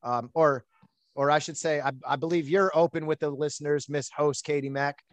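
An outgoing man chats through a long personal story on his podcast, full of fillers and asides. His voice sits a little high, and the sound is close and dry. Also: fairly even intonation, moderate pace, dry recording. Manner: outgoing, chatty, lots of fillers. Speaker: podcast host. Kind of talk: casual storytelling chat.

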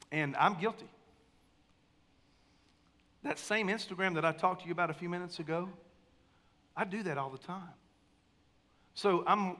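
A man preaching a sermon as pastor, talking with the congregation, calling for amens and swinging between hushed and emphatic lines. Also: fairly high pitch. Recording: long hall reverb.

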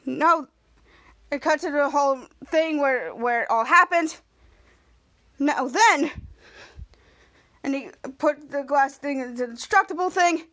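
A woman with a very high, bright voice recaps a TV episode scene by scene. She strings the scenes together with one "cut to" after another and jumps into the characters' lines as she goes. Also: unhurried, pauses often. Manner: retells scene by scene, acting out quotes. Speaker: podcast host.

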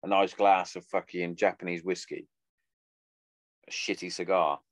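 A man's voice: low voice, level tone, unhurried, no echo. A man in his thirties hosting a podcast, rambling casually with lots of swearing and some sentimental asides. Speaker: podcast host. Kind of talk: casual monologue.

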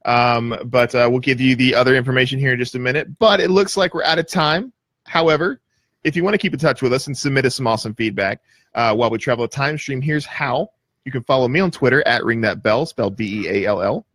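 A man's voice: medium pitch, fast talker, fairly bright tone, no room sound. A man hosting a podcast, leading segments in an easygoing, filler-heavy casual chat. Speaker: podcast host.

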